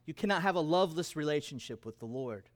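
A middle-aged male pastor delivers a sermon in an emphatic, conversational way, mixing humor into his points. His voice sits a little higher than most men's. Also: animated, fast talker.

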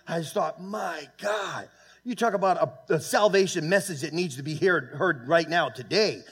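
A man preaching a sermon to his church, emphatic, with loud peaks, quiet asides and frequent halting restarts. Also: fairly high pitch, breathy edge. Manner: halting, with many fillers and restarts. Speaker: pastor. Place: church sanctuary.

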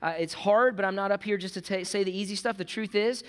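A male pastor with a high, light voice preaching in a big hall, and the sound rings with a long reverb. He talks casually, calling the crowd "gang", then drops to a near-hush before rising loud again. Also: fast, clear, resonant tone. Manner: swings between hushed earnest lows and loud animated highs; conversational, calls the audience "gang". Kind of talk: sermon.

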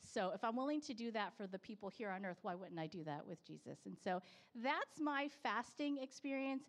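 A woman's voice: medium pitch, animated, brisk. A woman in her thirties or forties giving a personal testimony to a congregation, talking conversationally and often adding "right?". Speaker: church speaker sharing a testimony.

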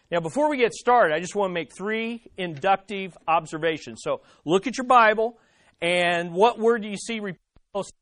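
A man with a high voice preaches to his congregation, pausing to ask them questions and hammering key words through repetition. The sound is dry and close, with no room around it. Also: a bit bright, no room sound. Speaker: pastor. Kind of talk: sermon.

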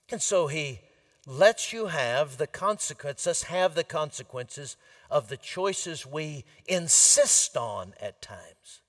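A man preaching a sermon in an earnest way, building to emphatic repeated lines and then dropping soft and low. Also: lively intonation, slow.

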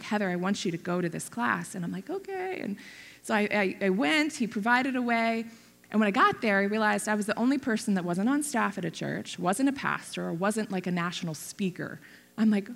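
A woman's voice: mid-range voice, vocal fry. A woman preaching a sermon, telling a personal story in a candid, self-deprecating way with frequent laughter and restarts. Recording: long hall reverb.

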